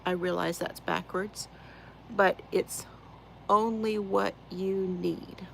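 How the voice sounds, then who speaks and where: A woman's voice: mid-range voice, fairly even intonation, slow pace, gravelly, fairly bright tone, slight background noise, rough recording. A woman, hosting a casual crafting live stream from her chair at home, greeting viewers by name and laughing often. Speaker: crafting channel host.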